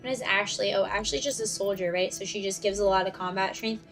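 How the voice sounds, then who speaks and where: A woman's voice: medium pitch, fairly quick, fairly bright tone. A young woman streamer giving casual, chatty, giggly commentary while playing a video game at home on a desk mic. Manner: chatty, giggly, self-mocking. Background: game music.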